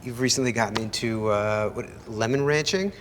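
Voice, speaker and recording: A man's voice: medium pitch, normal speed, a bit bright, big-room sound, slight background noise. A man hosting a podcast, asking easygoing interview questions with some hesitation. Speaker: podcast host.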